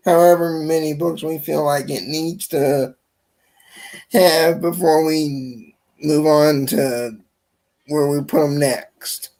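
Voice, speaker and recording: A man, a comic book writer, explaining his story in a relaxed, measured way during a casual podcast chat. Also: fairly high pitch.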